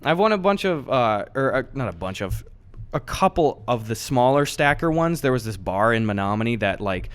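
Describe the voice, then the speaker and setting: A man in his twenties, co-hosting a podcast and telling a story in an animated, swearing, casual way. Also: medium pitch, moderate pace, clear, resonant tone. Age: 20s. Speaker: podcast co-host.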